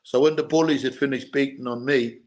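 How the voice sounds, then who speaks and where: An earnest man with a mixed Irish and English accent, talking over his life in a relaxed interview. He tells his stories at length, often restarting and repeating phrases as he goes. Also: medium pitch, a little fast. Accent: Irish with English mix. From Ireland. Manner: repetitive, earnest storytelling with restarts. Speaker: guest, former boxer and bodyguard. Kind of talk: casual interview chat.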